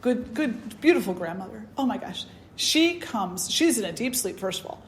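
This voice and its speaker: A woman spiritual teacher telling a personal story in a conversational, animated way, full of "you know"s. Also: on the high side, normal speed, a little hiss or hum. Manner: conversational, animated, many fillers. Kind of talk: storytelling talk.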